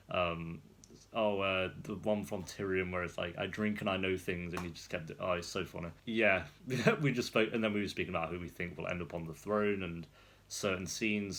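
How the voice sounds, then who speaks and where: A low-pitched, gravelly voice with a fairly bright tone belongs to a young man vlogging casually. Seated indoors on a rolling chair, he tells a chatty, rambling story and laughs often.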